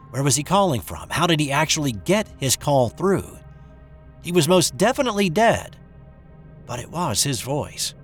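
Man reading a ghost story, lively. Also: mid-range voice. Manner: expressive, dramatic reading.

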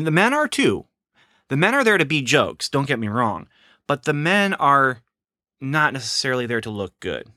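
A man's voice: medium pitch, sharp tone, no echo, clean studio sound. A middle-aged man giving a rambling, sarcastic casual film review. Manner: rambling, sarcastic, lots of fillers and restarts.

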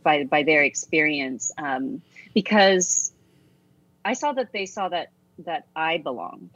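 A low-voiced woman in her forties speaks as an interview guest, earnest and reflective, reaching back through her own story in loose conversational talk. Her voice sits on a dry, slightly dull recording with no room sound. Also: lively intonation, slow pace, fairly bright tone, dry recording. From United States. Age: 40s. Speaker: interview guest, music teacher and author.

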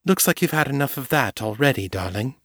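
A man voicing a poised, elegant woman vampire with a crisp, arch way of speaking. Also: medium pitch, animated, fairly quick, fairly bright tone, dry recording, studio quality, voice pushed up. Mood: arch concerned. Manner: crisp, arch, endearments like darling. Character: poised elegant female vampire, sharp-tongued.

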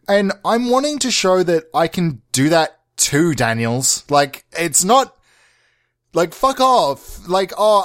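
A man hosting a comedy podcast, delivering rambling, profane, mock-outraged rants. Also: mid-range voice. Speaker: podcast host.

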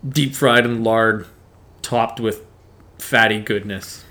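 A man's voice: on the low side, steady tone, slow, bright, forceful tone. A man from Canada as guest co-host, chatting in a playful, rambling way with frequent laughs. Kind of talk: casual chat.

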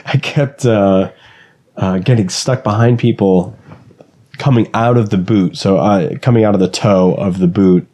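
A man's voice: fairly low pitch, a little slow, mellow. A man chatting casually about racing on a podcast, hesitant, with many fillers and restarts, recorded in a bedroom while he has the hiccups. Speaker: podcast co-host and race driver. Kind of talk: casual chat.

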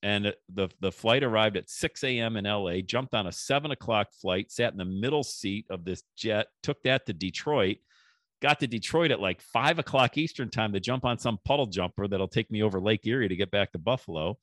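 A man hosting a podcast and telling a story in a casual, animated way, acting out the people he quotes. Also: fairly low pitch, fairly quick, no room sound, clean studio sound. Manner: animated, acts out quoted voices. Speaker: podcast host.

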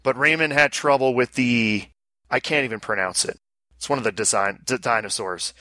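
A man co-hosts a casual podcast, his voice bright and forward. He explains things at length, repeating words as he works through them. The sound is dry and close. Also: medium pitch, moderate pace, no room sound. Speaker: podcast co-host. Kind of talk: casual chat.

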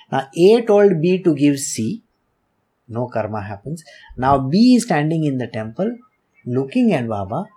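Male spiritual teacher, husky and a bit high, talks through a scripture story with rhetorical questions. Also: mellow. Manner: explains with questions and asides, mixes in Hindi, laughs often. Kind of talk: devotional discourse.

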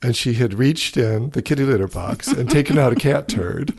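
Low gravelly guy, psychologist on a podcast, calm measured storyteller, dry close sound. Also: dry recording. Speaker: psychologist guest expert. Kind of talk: podcast interview, explaining.

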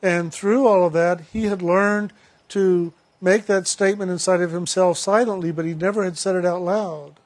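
A man giving a sermon, telling a story in a slow, reflective way with retold dialogue. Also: sits high, steady tone.

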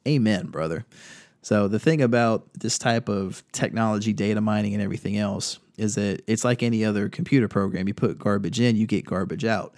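A man's voice: fairly low pitch, darkish tone, dry recording, studio quality. A man hosting a podcast, reading news quotes and adding casual commentary. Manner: reads quotes from articles, adds opinion. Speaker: podcast host.

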